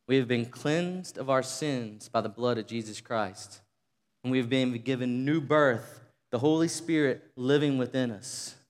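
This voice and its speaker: A man preaching a sermon to a congregation, rising to fervent shouting and leading call-and-response. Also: mid-range voice. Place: church sanctuary. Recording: long reverb of a large hall.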